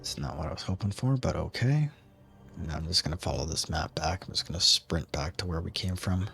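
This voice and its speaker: A man streaming a video game, giving relaxed, chatty commentary with dry asides and frequent fillers. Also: sits low, fairly quick, vocal fry, faint music behind. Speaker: gaming streamer. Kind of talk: casual gameplay commentary.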